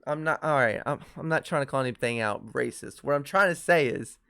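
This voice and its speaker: A man's voice: medium pitch, brisk, creaky, clear, resonant tone. A man hosting his own podcast, ranting casually and profanely about shows and movies. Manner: profane, animated ranting with laughs. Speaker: podcast host. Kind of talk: casual solo podcast rant.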